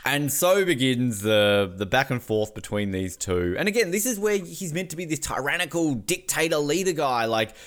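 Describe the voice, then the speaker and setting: Brief: male co-host, loose and jokey, given to crude asides, mid-pitched everyday voice. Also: very animated, moderate pace, hardly any pauses, a bit bright. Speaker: podcast co-host. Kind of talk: casual chat.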